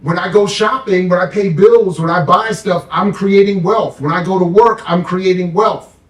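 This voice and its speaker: A man giving an impassioned panel talk as a guest professor, animated and emphatic, now and then mocking others in put-on voices. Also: high voice, moderate pace. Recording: echoey room, mic at a distance.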